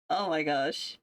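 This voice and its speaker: A woman's voice: deep voice, no room sound. A young woman streamer chatting casually with her viewers, rambling and self-deprecating. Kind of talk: casual livestream chat.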